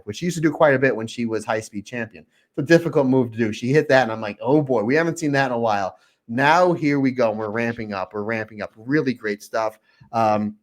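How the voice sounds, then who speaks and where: An excitable man co-hosts a podcast in loose, casual chat. He talks with open emotion and acts out his own reactions as he goes. His voice sits at an ordinary height. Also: medium pitch. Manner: openly emotional. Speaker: podcast co-host.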